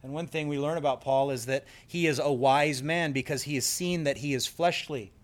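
Earnest preacher man, fairly high voice. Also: moderate pace. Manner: earnest, emphatic, storytelling. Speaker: pastor. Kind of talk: sermon.

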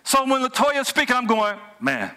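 A male pastor with a high, bright, ringing voice delivers a lively sermon. He preaches in a conversational way, joking with the congregation and swinging between playful asides and earnest points. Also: unhurried. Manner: animated, humorous conversational preaching.

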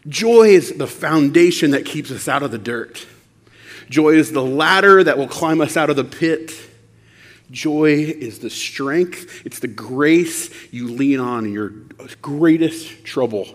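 A male preacher delivers his sermon in an animated, conversational way. He throws rhetorical questions at the congregation. His fairly high voice rings with a long reverb from the church hall. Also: takes it slowly. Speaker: pastor.

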